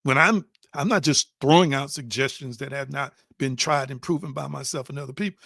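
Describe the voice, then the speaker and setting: A man's voice: medium pitch, fairly quick, vocal fry, a bit bright, no room sound, clean studio sound. A man delivering an online spiritual teaching, emphatic, repeating phrases for stress and calling his listeners family.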